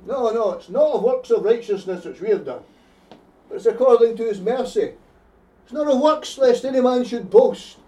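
Heard from afar in an echoey hall, a Scottish-accented man preaches an evangelistic sermon with fervor, repeating his phrases for emphasis. His voice is very high-pitched yet dark in tone, with lively intonation at a normal speed.

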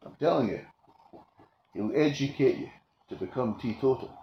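A man preaching a sermon with passion, swinging between loud declarations and quiet asides. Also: medium pitch, lively intonation, moderate pace, highs cut off. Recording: echoey room with faint ambient noise.

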